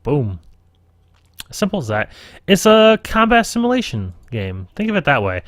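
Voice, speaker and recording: A man's voice: fairly high pitch, huge pitch swings, normal speed, dry recording, studio quality. A man running a casual live tutorial stream as game master, rambling, swearing and talking to himself at his computer. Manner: rambling, profane, self-talking.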